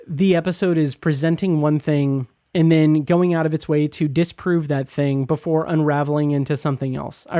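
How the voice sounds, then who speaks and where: A man hosting a podcast, reviewing a TV episode in a casual, halting way with lots of fillers and restarts, enthusiastic about what he likes. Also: fairly high pitch, dark tone, no room sound, studio quality.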